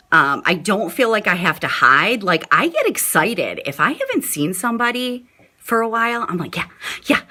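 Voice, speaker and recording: A middle-aged woman talks straight to her viewers over a phone or webcam, chatty and gushing. Her voice is bright and forward, and it swoops widely up and down. She keeps turning back to her audience as "you guys". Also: high voice. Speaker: vlogger on a live stream. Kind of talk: casual live-stream talk to viewers.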